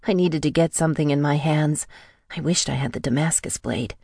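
Female audiobook narrator, low pitch, dry close read, tense first-person thriller. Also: brisk, vocal fry, darkish tone, slightly rough, no room sound.

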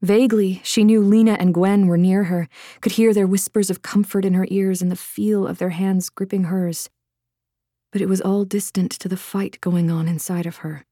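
A woman reading a fantasy novel aloud in a measured, dramatic narration style. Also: mid-range voice, flat delivery, mellow, no room sound, clean studio sound. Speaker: audiobook narrator.

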